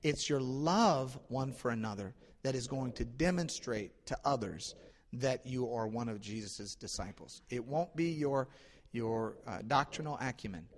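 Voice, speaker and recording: A male pastor preaching a sermon in a conversational, animated way, often restarting his sentences. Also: mid-range voice, measured pace, long reverb tail.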